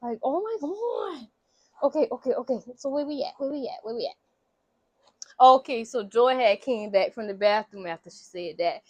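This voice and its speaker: Chatty woman vlogger, profane and lively, bright-pitched, dry mic. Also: a little fast, dry recording, dull audio. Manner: animated, chatty, profane, laughing. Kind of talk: casual movie recap.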